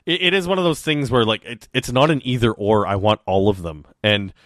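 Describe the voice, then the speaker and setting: A man's voice: on the low side, fairly quick, fairly bright tone, no echo, clean studio sound. A young adult man co-hosting a podcast, chatting casually with musing asides. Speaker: podcast co-host. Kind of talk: casual chat.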